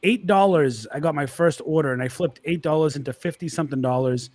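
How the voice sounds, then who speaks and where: A man talking as a guest on a casual livestream. His voice sits a little high for a man. He tells his story loosely, slipping into quoted asides of what he thought at the time. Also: fairly quick, a little mellow.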